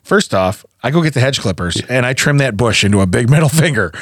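A man co-hosts a casual comedy podcast, telling stories animatedly and laughing often. His medium-pitched voice moves fast, and the studio mic recording is dry.

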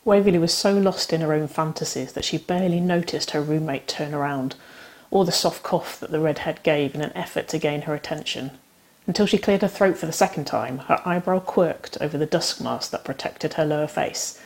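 A woman's voice: deep voice, a little mellow. A woman narrating a romance story aloud, giving the characters' lines light acted shifts. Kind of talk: audiobook-style fiction reading.

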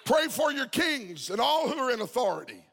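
A man preaching a sermon, shouting and half-singing his phrases with passion. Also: very high voice, very animated, moderate pace, creaky, big-room sound, a faint crowd, slight background noise.

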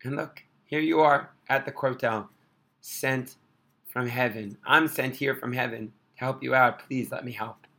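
A man's voice: medium pitch, steady tone, measured pace, creaky, pushed and bright. A man voicing a grateful grown man who eagerly offers help. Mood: earnest.

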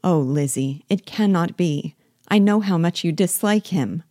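A woman reading the part of a gentle, earnest young elder sister in an audiobook-style reading, sounding tender and easily astonished. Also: lowish voice, unhurried, dry recording, studio quality, lightly acted. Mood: incredulous.

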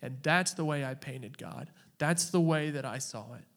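A man from Oklahoma giving a personal faith testimony in an earnest, halting way, with long dramatic pauses. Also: fairly high pitch, a bit bright.

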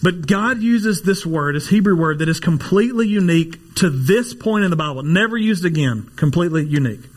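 A man's voice: a little high, lively intonation, a little fast. A man preaching a casual sermon, a pastor who jokes and makes nerdy asides. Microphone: live stream.

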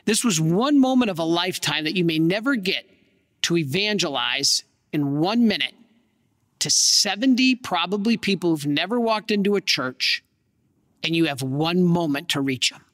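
A man, a priest, telling a story in a sermon with earnest, dramatic pauses. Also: high-pitched, animated, fairly bright tone, long reverb tail.

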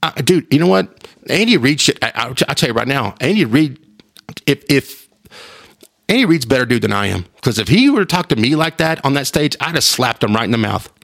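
Rambling gravelly podcast host. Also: male voice, mid-range voice, brisk. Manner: rambling, animated, with repeated restarts. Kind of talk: casual solo podcast chat.

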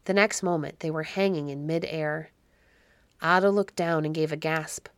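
A woman narrating a classic children's tale in a measured, even reading. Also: deep voice, dry recording. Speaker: narrator and podcast host. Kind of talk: storybook narration.

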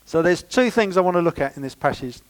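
A man preaching a sermon in church, lively and conversational with playful asides. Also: on the high side, fast talker, smooth, rough recording. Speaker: pastor.

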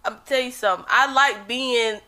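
A woman's voice: fairly high pitch, moderate pace, pushed and bright. A young woman talking bluntly and emphatically in a casual chat, swearing freely.

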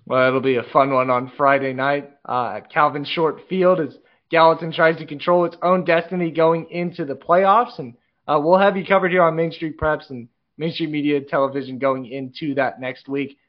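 A man's voice: a little high, fairly even intonation, moderate pace, muffled recording. A man hosting an interview show over a video call from a room at home, asking loose, conversational questions with many "uh"s. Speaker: show host. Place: home room with a chart on the wall.

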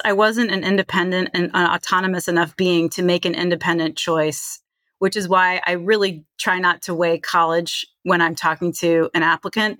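A middle-aged woman with a Midwestern accent talks through an interview in a casual, filler-heavy way. Her voice sits a little low and the recording is dry and close, with no room sound. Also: sharp tone, dry recording. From Charlottesville, Virginia. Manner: chatty, many "like" and "you know" fillers. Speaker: guest, tech CEO.

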